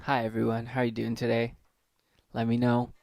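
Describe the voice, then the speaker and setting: A man's voice: mid-range voice, monotone, a little fast, gravelly, a little mellow. A young man hosting a solo podcast intro, nervous and rambling, reading from a letter and swearing casually. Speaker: podcast host.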